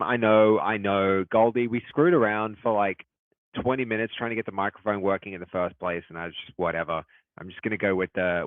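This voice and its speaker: Man streaming live, excitable chat, loud shout-outs, tinny phone-like sound, dry. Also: lowish voice, dry recording. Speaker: game studio head and streamer.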